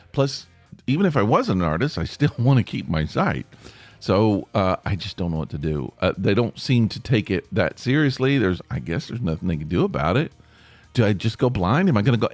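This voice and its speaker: Rambling middle-aged man, lively pitch. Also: no room sound. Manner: rambling, self-deprecating, talks to listeners directly. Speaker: podcast host. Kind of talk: casual solo podcast monologue.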